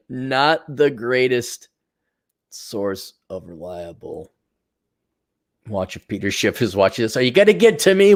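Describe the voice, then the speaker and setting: A man giving crude, sarcastic, rambling commentary as a vlog host. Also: mid-range voice. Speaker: vlogger and consultant.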